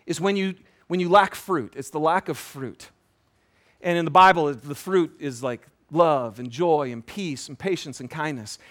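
A pastor in his fifties preaching a sermon in an animated, conversational way, throwing quick questions to the congregation. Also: sits high. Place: church.

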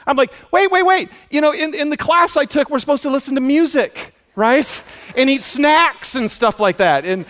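A man preaching a sermon in an auditorium, telling stories with lively acted-out dialogue. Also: normal speed, hardly any pauses. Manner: animated storytelling, acts out dialogue with loud high shouts. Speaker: pastor.

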